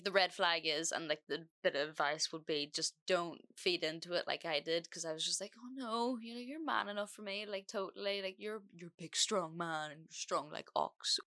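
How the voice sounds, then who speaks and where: A young woman hosts her own podcast and tells a personal story straight into the mic. Her voice sits a little low for a woman. She talks casually and swears freely, with "like" in almost every sentence. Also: bright, forceful tone. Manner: chatty, sweary, lots of "like" fillers. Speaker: podcast host.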